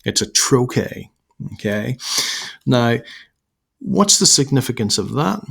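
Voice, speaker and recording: A man with a croaky voice, teaching a recorded literature lesson and explaining with many fillers and restarts. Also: mid-range voice, very animated, slow pace, fairly bright tone.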